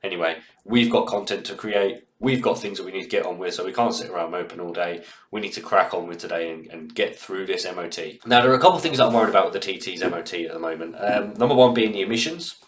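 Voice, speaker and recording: A man's voice: sits low, fast, hardly any pauses. A man hosting a car vlog, talking casually with a congested head cold and a rambling, chatty manner full of fillers. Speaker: car channel host. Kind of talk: casual vlog talk to camera. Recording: roomy echo.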